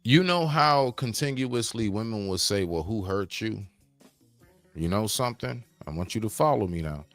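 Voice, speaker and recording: A man's voice: on the low side, lively intonation, moderate pace, dry recording, faint music behind. A man doing reaction commentary on a video, preachy and full of rhetorical questions. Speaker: commentary streamer.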